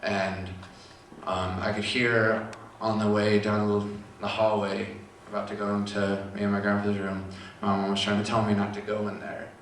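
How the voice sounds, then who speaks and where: A young man with a low, flat voice tells a personal story haltingly, pausing often. He sounds far from the mic in a very echoey room with faint background noise. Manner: halting, quiet storytelling with long pauses. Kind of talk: personal testimony.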